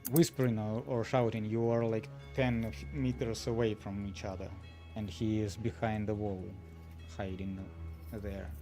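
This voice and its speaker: A woman's voice: rumbling low, flat delivery, unhurried, over music. A woman running a tabletop game as game master, speaking directly as she explains the rules.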